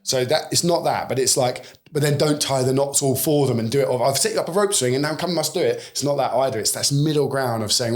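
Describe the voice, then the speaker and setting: Speaking fast at medium pitch, a forties-aged British guest on a podcast chats animatedly through a conversational interview. He acts out pieces of the dialogue he quotes.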